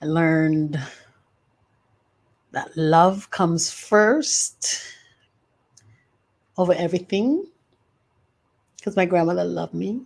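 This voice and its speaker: A woman's voice: on the low side, creaky, darkish tone. Older woman telling her story. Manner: emphatic, drawn-out phrases. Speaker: podcast host and author. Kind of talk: personal storytelling monologue.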